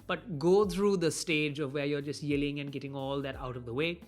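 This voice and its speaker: A man's voice: a little high, steady tone, moderate pace. A man who runs communication workshops, explaining things in a casual, conversational way and acting out quoted dialogue. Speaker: communication trainer. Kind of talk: casual motivational talk.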